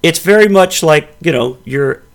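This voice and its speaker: A man's voice: on the high side, expressive, moderate pace, gravelly. A middle-aged man co-hosting a podcast, teasing and rambling with restarts in casual chat. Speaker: podcast co-host.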